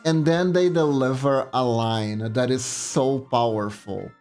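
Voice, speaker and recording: A man chatting casually on a livestream, telling a story in a rambling, animated way. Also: mid-range voice, slow pace, soft background music. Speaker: streamer.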